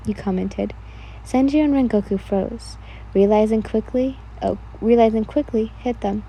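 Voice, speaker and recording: A woman's voice: a little high, normal speed, mellow, husky. A woman casually reading a listener-insert fan fiction story aloud, stumbling and restarting now and then. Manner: reads casually, with slips and restarts.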